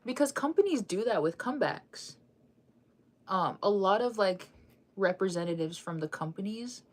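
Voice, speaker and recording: A woman's voice: mid-range voice, animated, moderate pace. A young woman hosting a casual fan news chat, rambling with lots of fillers and restarts while she keeps yawning and sighing.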